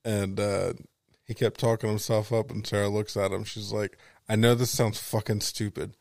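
Low-voiced young man, laid-back teasing. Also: little pitch movement, moderate pace, vocal fry, darkish tone, no room sound, studio quality. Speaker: podcast co-host. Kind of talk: casual chat.

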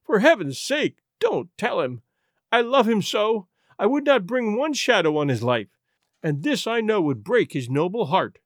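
A man's voice: high voice, very animated, unhurried, no echo, studio quality, voice pushed up, exaggerated voice. A man reading a story aloud, voicing a desperate young noblewoman who pleads emotionally to save her marriage. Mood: pleading. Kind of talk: audiobook reading.

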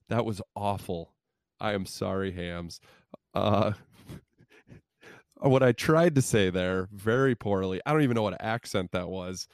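A man hosting a comedy podcast, reading sponsor copy with a deadpan, wry delivery. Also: lowish voice, no room sound, clean studio sound. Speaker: podcast host. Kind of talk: deadpan comic ad read.

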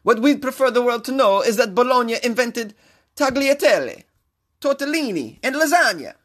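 A man's voice: extremely high pitch, expressive, moderate pace, fairly bright tone, pitched above the performer's own voice. A man voicing a proud, indignant male Italian city mayor in a theatrical put-on Italian accent, as a comedic impression. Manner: exaggerated, theatrical, emphatic.

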